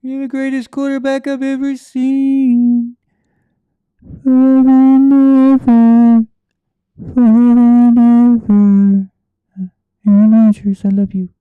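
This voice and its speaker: A man doing a sung parody impression of a crooning male singer gushing over a quarterback, loud and drawn out. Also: extremely high pitch, flat delivery, slow, pauses often, smooth, no echo, phone-quality sound, voice pushed up. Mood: adoring.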